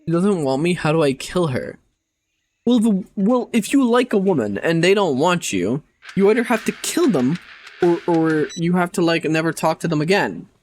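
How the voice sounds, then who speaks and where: A man's voice: fairly high pitch, big pitch swings, normal speed, a little mellow. A man live-streaming who chats casually with his audience, making crude jokes, laughing often and rambling.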